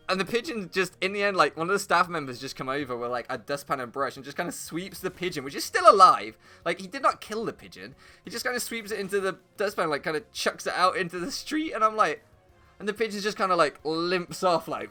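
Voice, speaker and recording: A man's voice: on the high side, sing-song, fast, sharp tone, soft background music. A man in his late twenties telling a rambling, profane comic anecdote while he plays a video game. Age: late 20s. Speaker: let's play host. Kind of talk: casual storytelling over gameplay.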